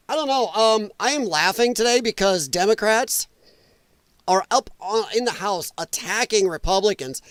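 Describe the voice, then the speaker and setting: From home, a man hosts a live political talk stream, rambling and sarcastic in a casual commentary style. His voice is high, and there is no room sound.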